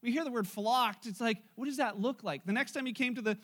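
A man's voice: very high voice, fairly quick, a bit bright. A man preaching a sermon in church, retelling a Bible story in a casual, joking way to his congregation. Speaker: pastor.

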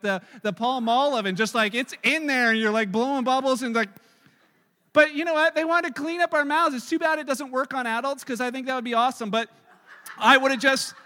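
A middle-aged man preaching a sermon, telling family stories in an animated way and acting out the dialogue. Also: very high-pitched. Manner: storytelling, animated, acts out dialogue. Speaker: pastor. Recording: long reverb of a large hall.

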